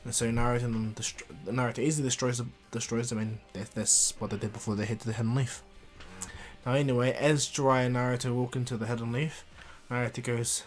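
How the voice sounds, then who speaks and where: A man's voice: medium pitch, level tone, quick pace, soft background music. A man casually improvising a fan story, rambling with fillers and restarts.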